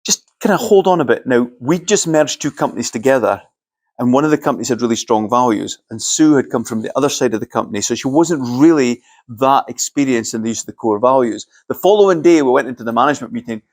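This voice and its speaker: A man's voice: medium pitch, fast talker. A middle-aged Scottish man giving a conversational, lightly joking talk to a live audience, telling anecdotes. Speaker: keynote speaker.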